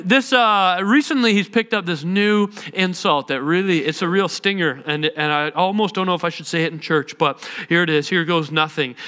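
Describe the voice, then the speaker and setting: A man preaching a sermon in church, telling funny family stories in a relaxed, conversational way. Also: high-pitched, smooth, big-room sound. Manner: humorous storytelling, conversational. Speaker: pastor.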